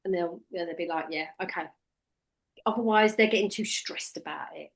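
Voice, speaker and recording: A woman's voice: lowish voice, moderate pace, gravelly. Woman coaching in a direct, practical way. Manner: direct, practical, quotes what she says to clients in a soothing voice. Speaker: hypnotherapy trainer. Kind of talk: casual one-to-one teaching.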